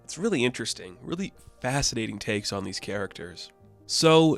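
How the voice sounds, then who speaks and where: A man's voice: mid-range voice, sing-song, normal speed, creaky. Man, casual review vlog, rambling, filler-heavy, faint music underneath. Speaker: comic book reviewer.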